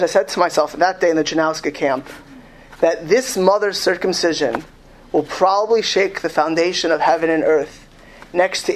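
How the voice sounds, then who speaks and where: A man reading a story aloud to an audience, slow and emphatic, stumbling and restarting often. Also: fairly high pitch. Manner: reads slowly and with emphasis, with frequent restarts. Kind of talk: lecture with read-aloud story.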